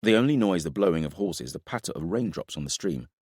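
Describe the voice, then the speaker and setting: A man narrating a fantasy audiobook in a measured, dramatic reading. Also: low voice, expressive, a little mellow, slightly rough, no echo, studio quality.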